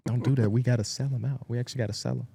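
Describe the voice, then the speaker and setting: A man's voice: medium pitch, fairly even intonation, gravelly, dark tone, slight background noise. A man with a Chicago accent hosting a casual sports podcast, upbeat and promotional. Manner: upbeat, promotional, quick asides. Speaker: podcast host.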